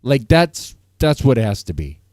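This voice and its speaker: A man's voice: medium pitch, sing-song, moderate pace, a little mellow, no echo, studio quality. A man hosting a casual live-stream panel, ranting and repeating himself, breaking into laughter often. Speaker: stream host.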